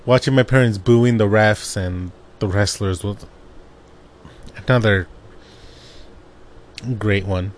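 Laid-back young man musing, low-pitched. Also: steady tone, slow pace, pauses often, slight background noise. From Arizona. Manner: rambling, laughs often while telling stories. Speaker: podcast host. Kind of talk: casual personal monologue. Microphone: own desk microphone.

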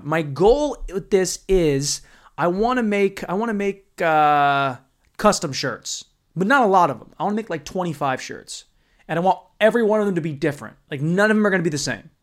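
A man's voice: on the high side, lively intonation, brisk. A young man hosting a podcast, ranting in a crude, sarcastic, rambling comedic style. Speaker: podcast host. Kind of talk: comedic rant.

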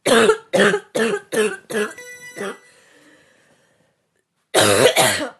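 A man ranting casually to camera, profane and animated, tossing in "bruv" and "right?" constantly. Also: very high-pitched, very slow, vocal fry, slightly rough, no room sound, studio quality, soft background music. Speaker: vlogger. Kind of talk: casual comedic rant to camera.

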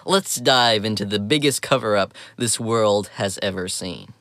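A man's voice: fairly low pitch, unhurried, a bit bright. A man in his twenties hosting a podcast, talking through a casual commentary monologue with joking, sarcastic asides. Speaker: podcast host.

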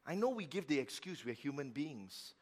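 A middle-aged man preaching a sermon as pastor, telling a story with emphatic repetition and sudden swings between loud and quiet. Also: a little high, very animated, normal speed. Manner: repeats words for emphasis.

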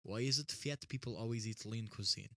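A man's voice: on the low side, brisk, pushed and bright, no room sound, clean studio sound. A man doing a joking put-on Russian accent with blunt, broken English, as a comic bit in casual chat. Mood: mocking.

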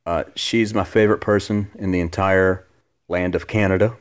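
Man, very low voice, casual podcast host, joking, rambling, recorded at home. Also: fairly even intonation, normal speed. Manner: joking, rambling, self-deprecating. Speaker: podcast host answering listener questions. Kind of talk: casual chat. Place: his living room.

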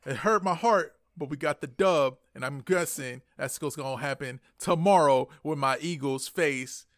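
A man co-hosting a casual podcast, telling a story animatedly and swinging between muttering and excited outbursts. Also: fairly high pitch, normal speed, dry recording, studio quality. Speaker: podcast co-host. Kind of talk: casual chat.

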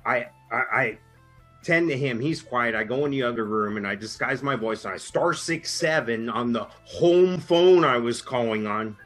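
A man's voice: mid-range voice, expressive, moderate pace, fairly bright tone, soft background music. Chatty middle-aged man telling a story. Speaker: podcast co-host. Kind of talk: casual storytelling chat.

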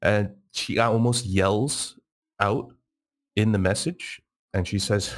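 A man narrating a tabletop game as game master, in a measured way with frequent fillers. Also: on the low side, steady tone.

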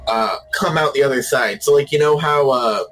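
A man's voice: medium pitch, moderate pace, a bit bright, rough recording. A man casually playing a tabletop game over voice chat, throwing in playful sound effects.

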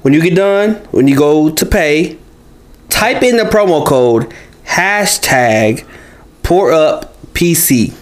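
A man's voice: a little high, lively intonation, slow. A man co-hosting a podcast in casual chat, laid-back and slangy, often repeating phrases. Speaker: podcast co-host.

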